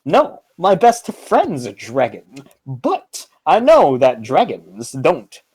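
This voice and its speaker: A woman voicing a blunt adult male town guard, deadpan and dropped low. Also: slow pace, slightly rough, heavily acted.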